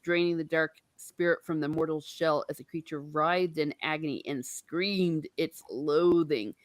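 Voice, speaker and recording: A woman hosting a casual book discussion, chatty and animated, laughing often and swearing casually. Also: low-pitched, no room sound. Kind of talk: casual chat.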